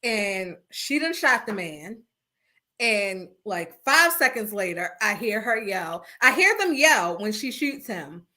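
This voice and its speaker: This podcast host has a mid-range voice and speaks slowly, calling in over the internet for a casual chat. She is an animated storyteller who acts out what people said.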